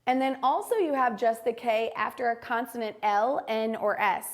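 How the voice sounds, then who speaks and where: A woman teaching a phonics lesson to young children, modeling each word carefully and slowly. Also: fairly high pitch.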